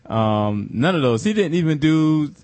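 A man's voice: a little high, animated, unhurried, darkish tone. A man co-hosting a casual sports talk show in a laid-back, wry way. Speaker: podcast co-host.

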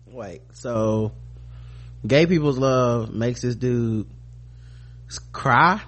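A man's voice: mid-range voice, extremely slow, fairly bright tone. A man giving casual, profane, sarcastic reaction commentary on a clip he is streaming.

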